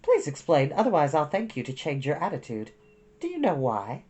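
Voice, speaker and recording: A woman's voice: low voice, wildly swooping pitch, normal speed, warm tone. A woman voicing a stern, scolding schoolteacher who talks in a clipped way.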